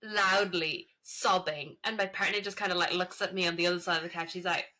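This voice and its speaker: A woman co-hosts a book podcast in casual chat. Her voice sits low but sounds bright and forceful, and she tells stories in an animated way. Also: fairly quick. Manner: chatty, animated storytelling. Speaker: podcast co-host.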